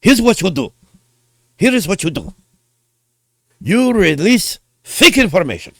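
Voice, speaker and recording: A man's voice: high-pitched, big pitch swings, unhurried, creaky, husky, no echo, studio quality, exaggerated voice. A man voicing a scheming Japanese company boss in a mock Japanese accent, giving clipped, conspiratorial orders.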